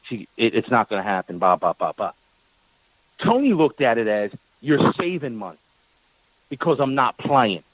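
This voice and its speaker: A man's voice: mid-range voice, normal speed, no echo, rough recording. A man, a team owner, telling a long story on a talk radio show, acting out the exchanges and repeating words when worked up. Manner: animated storyteller, acts out quoted exchanges.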